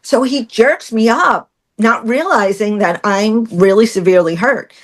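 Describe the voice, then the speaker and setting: A middle-aged woman guest telling a personal story in conversation, animated, acting out what others said and laughing through hard parts. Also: fairly high pitch, measured pace. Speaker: podcast guest.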